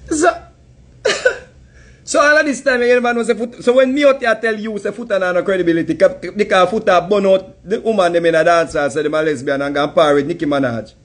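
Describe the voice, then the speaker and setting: A Jamaican man rants in a heated, mocking commentary with a very high-pitched voice. He breaks into laughter often and talks in casual patois. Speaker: commentary host.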